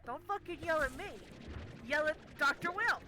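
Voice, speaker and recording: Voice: sits high, normal speed, sharp tone, faint music behind, rough recording. A young adult game streamer telling a story casually while playing, swearing constantly in an exasperated rant.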